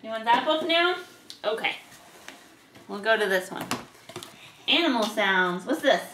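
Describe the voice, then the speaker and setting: A woman reading picture books aloud to a toddler, asking patient questions in a slow, playful way. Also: on the high side, animated, sharp tone, slight background noise. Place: home room. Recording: roomy home video from a distance.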